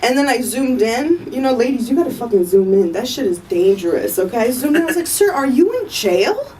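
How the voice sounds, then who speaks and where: A woman's voice: fairly high pitch, lively intonation, fast, dark tone, distant mic, a little hiss or hum, low-quality recording. A woman doing a stand-up comedy set at a live show, brash and profane, often laughing at her own jokes. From Armenian family.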